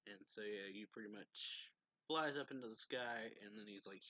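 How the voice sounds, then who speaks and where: A man's voice: fairly low pitch, normal speed, pushed and bright, no echo, low-quality recording. A man casually reviewing a manga chapter, recapping the plot in a rambling way, chuckling often and using lots of fillers.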